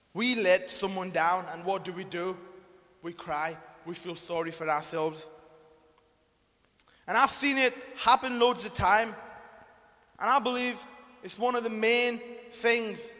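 High voiced guy preaching a sermon, loud then hushed, echoey hall. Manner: impassioned, swings from loud proclaiming to hushed tones.

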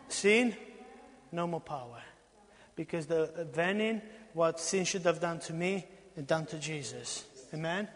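A man from Romania preaching a sermon in a church, repeating his phrases for emphasis and swinging between loud exhortation and hushed lines. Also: a little high, a little slow. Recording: long reverb in a church hall.

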